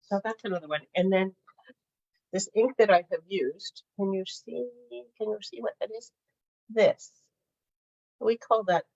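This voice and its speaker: A middle-aged woman demonstrating a craft project in casual chat, laughing often and filling pauses with "uh.". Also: mid-range voice, a little mellow, highs cut off. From Canada. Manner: chatty, laughs often, many fillers. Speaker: craft instructor.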